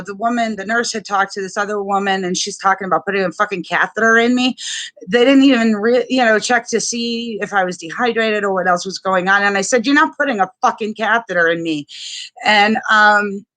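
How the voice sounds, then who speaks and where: A woman's voice: medium pitch, bright, forceful tone. A woman telling a personal story in a vlog, blunt and profane, raw and indignant, with many restarts. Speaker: vlogger sharing a personal experience. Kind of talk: angry personal testimony vlog.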